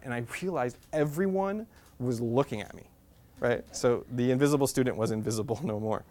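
A man in his thirties tells funny stories about himself to a university class, in a voice of middling pitch. He is chatty and self-mocking, and fills his sentences with "like.". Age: 30s. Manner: self-deprecating, chatty, full of "like" fillers. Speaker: guest speaker. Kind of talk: humorous personal storytelling talk.

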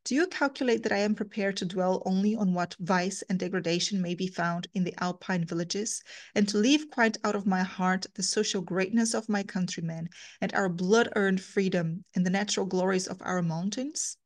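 A woman's voice: mid-range voice, normal speed, natural voice. A woman reading aloud as a proud young Swiss-English woman, in earnest, indignant rebuttals.

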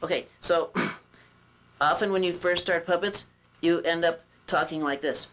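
A man voicing a chatty male puppet who teaches puppetry with jokes and rambling asides, often clearing his throat. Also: on the high side, steady tone, a little slow, a bit bright, a little hiss or hum. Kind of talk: puppet demonstration lesson.

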